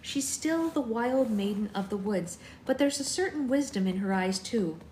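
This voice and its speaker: A woman's voice: on the high side, expressive, moderate pace, mellow, a little hiss or hum. A woman hosting a book club, reading a novel aloud steadily with chatty asides. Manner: reads steadily, voicing characters, chatty asides. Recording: roomy room echo.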